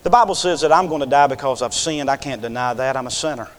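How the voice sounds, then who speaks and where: A man preaching a revival sermon, swinging from loud, impassioned scripture reading to hushed, intimate appeals. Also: mid-range voice, fast talker, big-room sound. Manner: reads scripture in King James wording with fervor.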